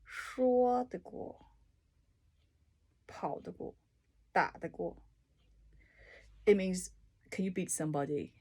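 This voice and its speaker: A woman tutor works her way through a dictionary, explaining each word with simple examples and the odd soft aside. Her voice is slightly low and a little husky. She talks slowly and without hurry. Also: animated. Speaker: language tutor. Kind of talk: casual dictionary read-through.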